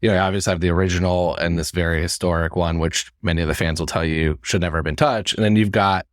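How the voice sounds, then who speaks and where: Low-voiced man hosting a podcast interview. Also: fairly even intonation, quick pace, dry recording, clean studio sound. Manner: conversational, asks rambling questions. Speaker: podcast host. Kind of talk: casual interview.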